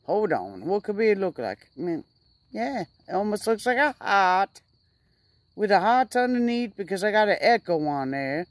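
A woman's voice: mid-range voice, very animated, moderate pace, no room sound. A woman rambling casually to her camera outdoors by a fire, stretching out her words for emphasis. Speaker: vlogger.

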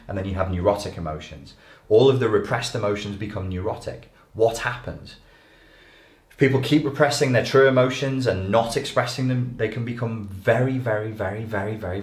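A man giving an animated, emphatic lecture to an audience as a life coach. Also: fairly low pitch. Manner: animated, emphatic, acts out quoted voices. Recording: echoey room.

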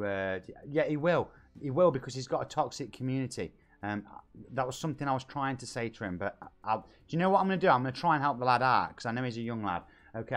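A Nottingham man in his forties chats on a live game stream from his home setup, reading out viewer messages. He is jokey and laughs a lot, calling everyone mate. His medium-pitched voice swings up and down with lively energy. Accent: Nottingham English. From England. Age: 40s.

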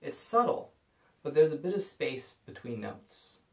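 Calm man teaching violin, echoey room. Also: on the high side, a little slow. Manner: calm, explanatory. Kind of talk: scripted video lesson.

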